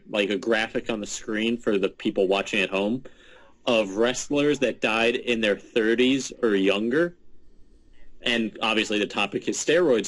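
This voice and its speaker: A man's voice: on the low side, fairly bright tone, poor audio. A man hosting a podcast in casual debate, indignant, who steers the conversation. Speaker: podcast host.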